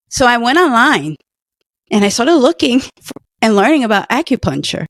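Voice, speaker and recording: A woman's voice: fairly high pitch, big pitch swings, normal speed, no echo, clean studio sound. A middle-aged woman earnestly telling a personal story in conversation, emotional at times. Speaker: guest, former patient.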